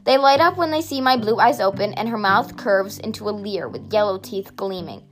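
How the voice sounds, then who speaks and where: A woman narrating a first-person story aloud in a steady, softly expressive reading. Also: medium pitch, normal speed.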